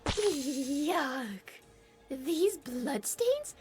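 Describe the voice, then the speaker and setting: A woman's voice: high voice, sing-song, drawn-out words, over music, heavily acted. Woman doing a haughty valley-girl robot chicken. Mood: snooty. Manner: sing-song valley girl drawl, haughty. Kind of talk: animated cartoon voice acting.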